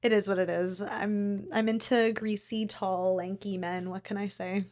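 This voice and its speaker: A woman hosting a podcast in casual chat with a friend in an apartment, animated in bursts and then trailing off softly. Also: mid-range voice, normal speed, no echo, studio quality. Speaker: podcast host.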